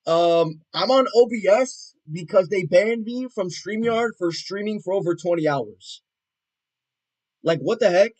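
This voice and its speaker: A young man livestreaming, chatting casually and rambling, swearing a lot, with loud excited outbursts. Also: high-pitched, measured pace.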